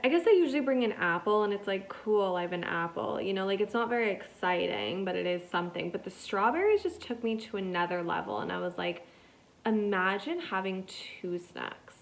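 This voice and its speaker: A woman's voice: fairly low pitch, gravelly. A woman hosting a podcast, telling a story in a loose, rambling way and saying "like" constantly. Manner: rambling, chatty, heavy use of "like". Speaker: podcast host. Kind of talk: casual solo storytelling.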